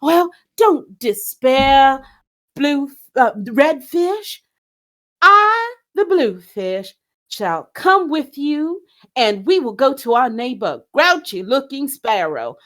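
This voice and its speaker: A woman voicing Bluefish, a calm and gallant puppet fish in a tabletop game, who speaks in a slow, stately way. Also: high voice, voice pushed up, heavily acted. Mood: reassuring.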